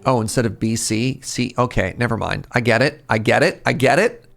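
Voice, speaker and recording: A man's voice: mid-range voice, a little fast, gravelly, a bit bright, soft background music. A middle-aged man from British Columbia with a British Columbia Canadian accent, chatting casually and teasing his viewers while he streams a game. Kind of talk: casual live-stream chat.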